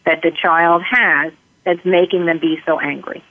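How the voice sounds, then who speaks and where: Woman guest expert, calm step-by-step explainer, phone-line audio. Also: on the low side, unhurried. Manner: calm, explains in numbered steps, acts out sample dialogue. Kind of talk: interview answers. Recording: tinny phone-line sound.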